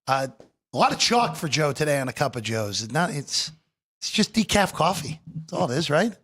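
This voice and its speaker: A man's voice: on the high side, sing-song, moderate pace, fairly bright tone, slightly rough. A man hosting a sports betting talk show from a studio, chatty and joking with guests, heavy on fillers. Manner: chatty, fillers, jokey banter.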